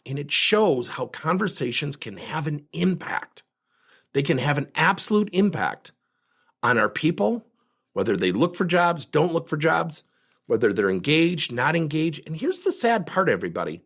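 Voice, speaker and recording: A middle-aged man delivers a solo coaching podcast with lively, swooping intonation. His voice sits a touch high for a man and carries a husky grain. He hammers his points home with emphasis. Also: moderate pace. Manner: animated, emphatic, acts out quoted dialogue. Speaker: podcast host and leadership coach.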